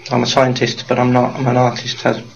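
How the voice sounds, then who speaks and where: Gravelly, rambling middle-aged man. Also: medium pitch, monotone, fairly quick, highs cut off, slight background noise. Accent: mixed Birmingham, Geordie and Welsh. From Wales, raised in Birmingham. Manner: rambling, digressive, full of tag questions. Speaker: interviewee. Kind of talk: casual life-story interview.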